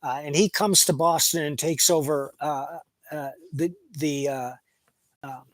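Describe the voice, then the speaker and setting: A man's voice: a little high, steady tone, a little slow, dry recording, rough recording. A man giving a casual, opinionated film review, speaking plainly as he retells the plot at length. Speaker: movie reviewer.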